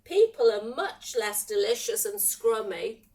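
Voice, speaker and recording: A greedy storybook dragon growls and drags out his words, as a woman puts him on for a children's reading. The voice drops low and is caught from a distance by a camera mic. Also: expressive, unhurried, darkish tone, a little hiss or hum. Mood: gleeful. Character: greedy hungry male dragon.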